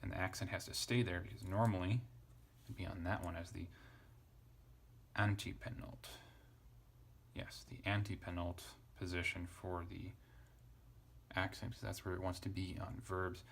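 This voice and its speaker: Casual male teacher, deep and gravelly, who thinks aloud and spells out letters; faint noise underneath. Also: level tone, normal speed, long pauses. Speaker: Greek teacher. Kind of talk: casual lesson, parsing text aloud.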